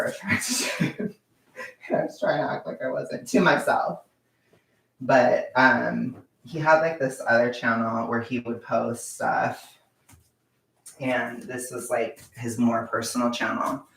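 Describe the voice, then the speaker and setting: A young man talks through a casual storytime vlog, his voice carrying a gravelly fry. He rambles along, stacking fillers and restarts as he goes. The sound bounces around an echoey room. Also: medium pitch, steady tone, unhurried, fairly bright tone, distant mic. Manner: rambling, filler-heavy storytelling with frequent "like" and "blah, blah". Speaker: vlogger.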